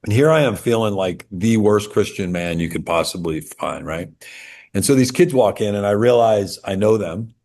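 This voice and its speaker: A man's voice: lowish voice, animated, moderate pace, darkish tone. A middle-aged man from Connecticut, a podcast guest telling a personal story in a candid, emphatic way with many restarts. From Connecticut, USA.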